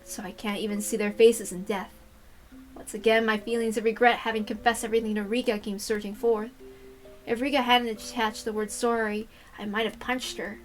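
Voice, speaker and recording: A woman reading a visual novel aloud in a quiet, even narration. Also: on the high side, normal speed, soft background music. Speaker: reader.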